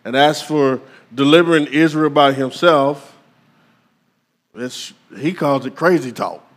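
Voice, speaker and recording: A male pastor preaching a sermon, calling out to the congregation with dramatic pauses. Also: fairly high pitch, big-room sound.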